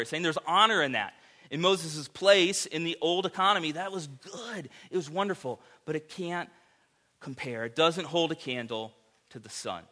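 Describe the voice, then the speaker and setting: A man preaching a sermon, his voice bright and forward. He talks casually to the congregation, with fillers and sudden swings from loud to quiet. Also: a little high. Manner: conversational, animated preaching with fillers. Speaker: pastor.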